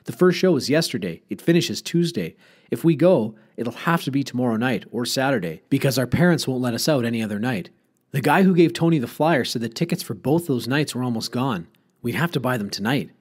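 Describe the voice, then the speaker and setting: A man voicing a sneaky young schoolboy who talks in a hushed, matter-of-fact way, in a storybook reading. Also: medium pitch, expressive, a little fast, husky. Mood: secretive.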